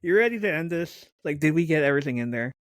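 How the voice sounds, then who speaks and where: Animated, swearing male podcast co-host. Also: on the high side, quick pace, dry recording. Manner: animated storytelling, acts out quoted friends, swears. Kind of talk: casual chat.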